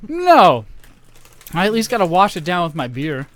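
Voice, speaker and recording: Man, podcast co-host, high voice, lively swings, joking. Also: quick pace. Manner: joking, animated, often laughing. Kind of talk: casual chat.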